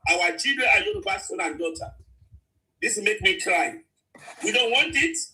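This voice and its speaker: A man's voice: sits high, expressive, normal speed, bright, forceful tone, low-quality recording. A man calling in to a radio talk show, speaking in an impassioned, pleading way. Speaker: caller.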